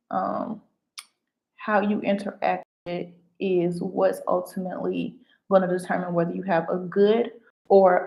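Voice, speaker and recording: Chatty woman vlogger telling stories, a little gravel in the voice, roomy echo. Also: medium pitch, darkish tone. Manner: chatty storyteller, repeats phrases. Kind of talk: casual chat to camera. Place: home in Mexico.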